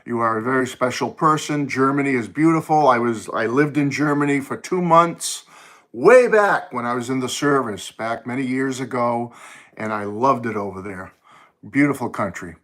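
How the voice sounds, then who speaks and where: Middle-aged male streamer, bright tone, loose and chatty, talking into a phone in a home music room. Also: medium pitch, moderate pace. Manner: chatty and rambling, greets viewers by name, thinks aloud. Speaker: live-stream host. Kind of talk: casual live chat with viewers.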